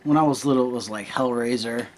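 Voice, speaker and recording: A man's voice: medium pitch, quick pace, a little mellow, slight background noise. A man in his thirties chatting casually at home, laid-back, swearing freely and telling rambling stories. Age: 30s. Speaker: co-host. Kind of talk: casual chat.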